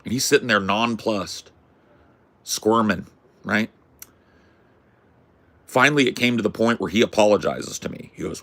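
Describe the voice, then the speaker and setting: A man hosting a podcast, telling a rambling story in a casual, profane, animated way. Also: lowish voice, normal speed, long pauses. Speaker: podcast host.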